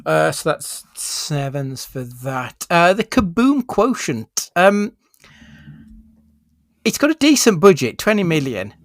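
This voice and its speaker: A man's voice: a little high, slow pace, no echo, clean studio sound. A man co-hosting a podcast, casually chatting through a film review and leading the rating categories. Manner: relaxed, leads the rating categories. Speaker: podcast co-host.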